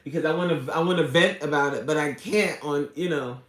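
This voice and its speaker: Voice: mid-range voice, a little fast, noisy background. An adult livestreamer chatting casually with viewers, greeting them by name and pleading for subscribers. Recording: echoey room.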